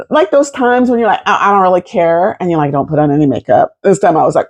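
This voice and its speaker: A woman in her fifties telling a personal story to camera in an animated, expressive way, swearing freely. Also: on the low side, fast talker, dull audio. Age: 50s. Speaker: vlogger.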